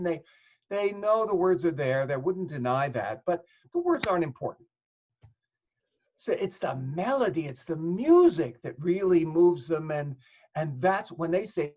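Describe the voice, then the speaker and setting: Male therapist guest, thoughtful explainer, somewhat high voice, muffled lo-fi recording. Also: a little mellow. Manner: thoughtful, explains with examples and plays out dialogue. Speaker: psychotherapist guest. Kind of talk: explanatory interview talk. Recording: dull lo-fi audio.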